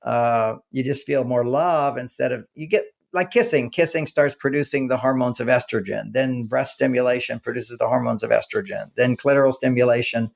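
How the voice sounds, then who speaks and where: A man, an author being interviewed, talking casually and telling animated stories in which he acts out the dialogue. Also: mid-range voice, normal speed, creaky, few pauses. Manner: animated storyteller acting out quoted dialogue. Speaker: author and guest.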